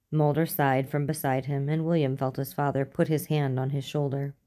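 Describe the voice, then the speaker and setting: A woman narrating a story aloud in a steady, even manner. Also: very deep voice, normal speed, hardly any pauses. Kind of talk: audiobook reading.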